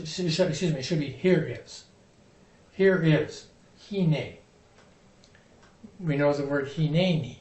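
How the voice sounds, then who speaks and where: A man teaches a Hebrew vocabulary lesson at an unhurried pace, pausing over each word and its stress. His voice sits a little high. The sound is roomy and picked up from some distance away. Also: a little mellow. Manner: slow, patient, spells out words and stresses.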